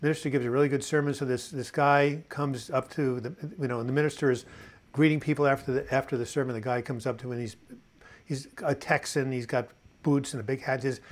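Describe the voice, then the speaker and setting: Speaking quickly in a steady, medium-pitched voice, a US man in his sixties hosts a casual mental health video chat. He tells corny jokes and puns between reading viewers' comments.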